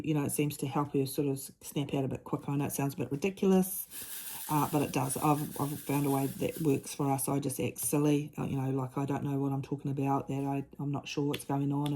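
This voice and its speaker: A middle-aged woman talking through a personal story in a casual chat, earnest and halting, often restarting her sentences. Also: low voice, warm tone, a little hiss or hum. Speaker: mother and diamond-painting vlogger.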